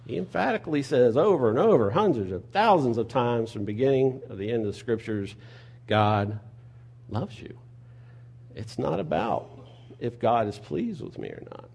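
A man preaching a sermon in a conversational way, asking rhetorical questions and moving between quiet and loud delivery. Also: medium pitch, big pitch swings, brisk, vocal fry, slightly rough. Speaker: pastor.

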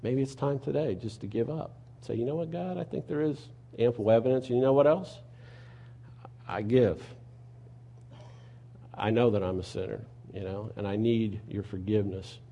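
A man preaching a sermon in a conversational way, asking rhetorical questions and moving between quiet and loud delivery. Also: mid-range voice, moderate pace, creaky, husky. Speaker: pastor.

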